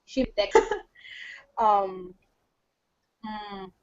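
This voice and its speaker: A woman's voice: medium pitch, fairly even intonation, extremely slow, muffled recording. A woman answering as a student in an English class, hesitant and unsure of herself.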